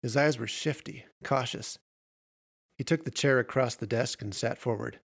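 A man reads horror fiction aloud in a measured, steady narration. His voice has a gravelly, fry-heavy texture at a middle pitch. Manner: measured storytelling.

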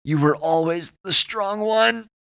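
A man's voice: sits high, slow, vocal fry, a bit bright, clear, resonant tone, pitched above the performer's own voice, heavily acted. A man voicing a screaming young man in agony. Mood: anguished. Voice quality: screaming, strained.

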